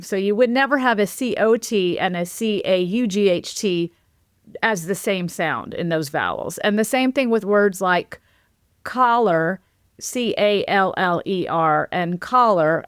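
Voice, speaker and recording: A woman's voice: medium pitch, expressive, measured pace, no echo. Woman linguist explaining, dry close sound. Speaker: linguist guest. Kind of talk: conversational interview.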